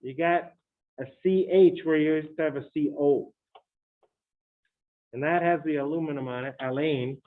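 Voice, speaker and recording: A man's voice: a little high, moderate pace, long pauses. A man lecturing on chemistry to students in a chatty way, with joking asides. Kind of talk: recorded lecture. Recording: tinny phone-like lecture audio.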